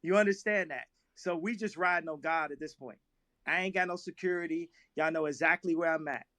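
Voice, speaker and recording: High-voiced man talking loosely. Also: brisk, bright, forceful tone, no echo. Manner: loose, laughs often, repeats phrases. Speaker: guest on a live audio talk room. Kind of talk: casual live chat.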